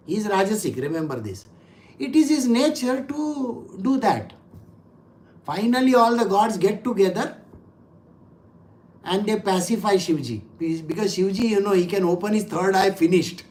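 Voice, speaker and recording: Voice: mid-range voice, expressive, normal speed, darkish tone. A spiritual teacher, giving a conversational scripture talk full of stories and rhetorical questions to the listeners. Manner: laughs while telling anecdotes.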